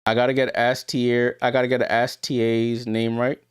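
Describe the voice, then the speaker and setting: Man, live watchalong host, smooth clear voice, dry close sound, casual play calls. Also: medium pitch, flat delivery, normal speed, no room sound. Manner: chatty, talks straight to viewers, gets louder on big plays. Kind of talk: casual live game commentary.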